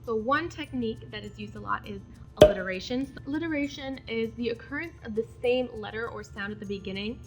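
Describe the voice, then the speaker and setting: A woman's voice: a little high, fast talker, over loud music. A young woman hosting a casual educational video, chatting through poetic terms and reading out examples. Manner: chatty, explains terms then reads examples aloud. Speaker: poetry video host.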